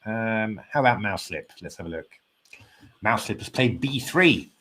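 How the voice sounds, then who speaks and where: A man's voice: on the low side, lively intonation, moderate pace, fairly bright tone. A man giving casual live chess commentary, thinking aloud with lots of fillers and hesitations, polite and self-deprecating, sounding tired and yawning.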